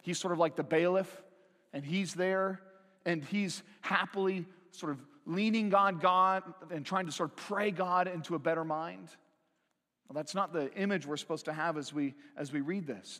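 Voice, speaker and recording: A man with a high voice preaches a sermon to a congregation, speaking conversationally and tagging his points with a quick "right?". He slows right down on the words he wants to land. His voice carries a long echo through a church sanctuary. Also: a bit bright. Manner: slows and stresses key phrases. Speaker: pastor.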